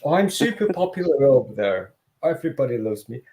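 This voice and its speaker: A man's voice: medium pitch, very animated, a little fast, mellow. A man joining a casual online chat, jokey and playfully boastful.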